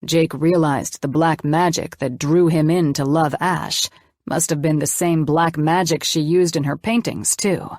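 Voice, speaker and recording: A woman with a fairly low voice reads a first-person audiobook, putting real feeling into it. The sound is dry and close, with no room around it. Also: unhurried, no echo. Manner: expressive, emotional reading. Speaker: audiobook narrator. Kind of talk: scripted first-person narration.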